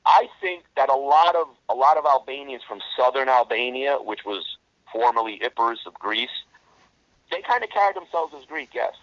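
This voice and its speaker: A man's voice: medium pitch, very animated, normal speed, a bit bright, dry recording. Blunt streetwise New man. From New York. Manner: blunt, streetwise, heavy swearing. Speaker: interview guest. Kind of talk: casual storytelling interview. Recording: dull lo-fi dry recording.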